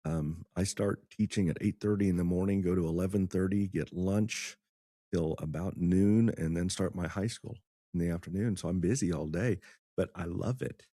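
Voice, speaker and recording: Low-pitched and dark in tone, this man speaks at a normal speed in a clean studio recording with no room sound. In his sixties, a former lawyer turned teacher, he's a chatty podcast guest who laughs frequently as he tells stories.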